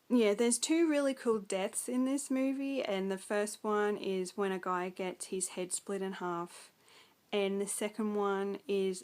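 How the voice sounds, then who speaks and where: A young Australian woman with an Australian accent, rambling through a casual film review full of ums and likes. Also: medium pitch.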